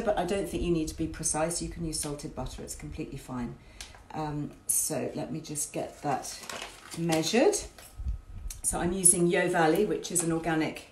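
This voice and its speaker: A chatty woman hosts a home cooking demo in her farmhouse kitchen, her voice sitting low for a woman. The room is roomy and echoey, with a faint hum of noise behind her. She talks casually and cheerfully, full of friendly asides. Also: darkish tone. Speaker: cooking show host.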